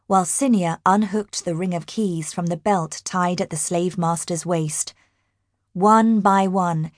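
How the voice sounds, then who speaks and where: An audiobook narrator with a lowish female voice reads a fantasy novel in a measured, even storytelling style. The scripted narration is studio quality, with no room sound.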